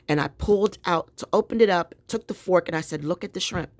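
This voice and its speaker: A woman's voice: on the low side, normal speed, few pauses, dry recording. A woman telling a story in a chatty, exasperated way, venting to her viewers. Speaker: vlogger. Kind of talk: casual storytelling vent.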